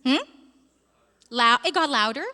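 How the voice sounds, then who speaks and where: A woman leading a live vocal workshop as a coach, chatty and expressive with the audience in a conference hall. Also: sits high, measured pace. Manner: expressive and chatty, addresses the room. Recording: long hall reverb.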